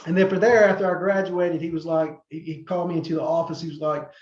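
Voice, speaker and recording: A middle-aged man tells long stories as a podcast guest, rambling with fillers and restarts. His voice sits fairly high for a man. The sound is roomy and a little muffled. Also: steady tone, fast talker. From North Carolina, USA. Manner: rambling, many fillers and restarts, acts out quoted people. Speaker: podcast guest, former wrestler. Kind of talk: casual interview storytelling.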